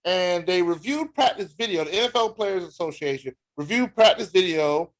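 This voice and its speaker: Lively American man, joking sports talk. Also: sits high, moderate pace. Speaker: podcast co-host. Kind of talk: casual sports chat.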